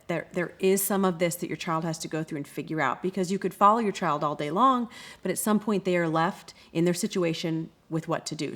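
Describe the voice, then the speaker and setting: A woman who runs anti-bullying workshops, answering interview questions in an expressive way and often acting out quoted voices. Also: on the low side. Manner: expressive, acts out quoted kids and parents.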